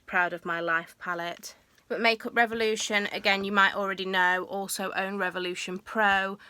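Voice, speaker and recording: A woman talks through a beauty tutorial in a loose, chatty way, pausing on ums and correcting herself as she goes. Her voice is bright and forward. The recording is close and dry, with no room sound. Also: on the low side, no room sound. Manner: chatty, with frequent um fillers and self-corrections. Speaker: makeup artist and beauty vlogger. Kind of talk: casual beauty tutorial talk.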